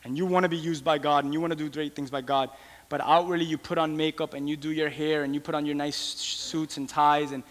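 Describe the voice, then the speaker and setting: A man preaching a sermon with impassioned pleas that rise toward shouting. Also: on the high side, level tone, brisk, hardly any pauses. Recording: long hall reverb.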